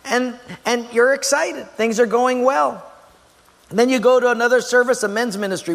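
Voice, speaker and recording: A pastor with a high, bright tone preaches to his congregation. He is animated and jokey, slipping into quick impressions and whoops. His voice rings with the long reverb of a large church hall. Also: vocal fry. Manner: animated, acts out little voices and exclamations. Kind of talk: sermon. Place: church sanctuary.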